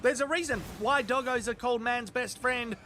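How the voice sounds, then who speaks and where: High, bright Australian man doing sweary commentary. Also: normal speed, a little hiss or hum. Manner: sweary, sarcastic, animated. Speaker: video reviewer. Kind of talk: comedic voice-over commentary.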